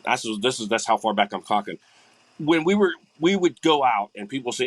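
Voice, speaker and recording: An older man, a guest musician, chatting on a podcast in a rambling, animated way. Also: medium pitch, normal speed, no room sound. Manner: rambling, animated, acts out quoted people. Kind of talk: casual podcast chat.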